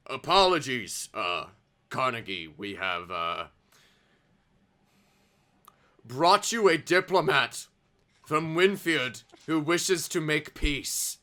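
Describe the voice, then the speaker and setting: A man voicing a wary, grudging male castle guard in a low, hushed voice. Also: animated, slow pace, heavily acted. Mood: formal.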